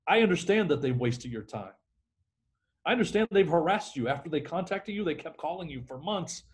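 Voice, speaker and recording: A man's voice: on the high side, expressive, fairly quick. A middle-aged man, a sales trainer, talking energetically in a podcast interview and acting out phone calls.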